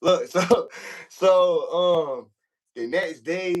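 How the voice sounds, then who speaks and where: A man's voice: very slow, low-quality recording. Loose, profane young man telling stories. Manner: loose, profane, full of "like" and "you know what I'm saying"; gets loud and high when reenacting confrontations. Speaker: podcast guest. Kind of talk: casual storytelling.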